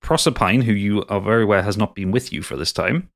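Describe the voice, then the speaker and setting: A man narrating a tabletop game as game master in a casual, halting way. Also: fairly low pitch, vocal fry. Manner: casual, halting, lots of restarts.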